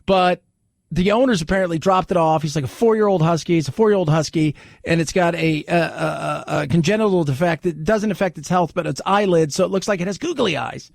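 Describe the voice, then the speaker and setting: A man's voice: a little high, fairly quick, gravelly, dry recording, studio quality. A man hosting a talk radio show, chatting casually in a wry, sarcastic way.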